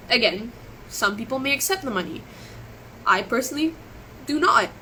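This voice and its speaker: A woman's voice: a little high, animated, moderate pace, pauses often, pushed and bright, slight background noise, poor audio. An upset, emotional woman recounting events on a live stream, rambling and restarting her sentences. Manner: rambling, repeats and restarts herself. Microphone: webcam or phone on a live stream.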